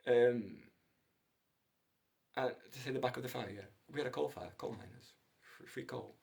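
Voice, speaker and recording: Gravelly man rambling through stories. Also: mid-range voice, normal speed, a little mellow. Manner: digressive, jokey, wandering between stories. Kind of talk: rambling solo monologue.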